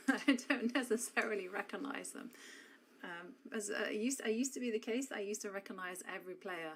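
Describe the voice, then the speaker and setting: A woman's voice: mid-range voice, fairly bright tone, low-quality recording. Hesitant woman chess commentator. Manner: measured, hesitant with many fillers. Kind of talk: live commentary.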